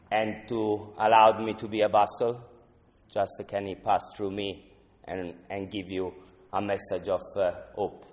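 A man speaking at a recovery meeting, sharing in an earnest, halting way with restarts. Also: fairly low pitch, flat delivery, a little mellow. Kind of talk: personal share at a recovery meeting. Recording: long hall reverb.

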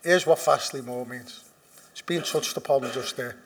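A man with a Liverpool accent giving a personal recovery testimony, blunt and profane, dropping to a hush and then rising loud with laughter. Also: medium pitch, normal speed. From Liverpool, England. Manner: blunt and profane, swinging from hushed confession to loud laughing emphasis. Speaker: speaker sharing at a recovery meeting.

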